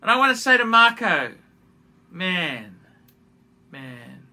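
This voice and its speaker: Man, YouTuber apology video, high-pitched, slow and halting, repeats phrases. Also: sing-song, pushed and bright. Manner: halting and repetitive, restarting phrases. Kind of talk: emotional direct-to-camera apology.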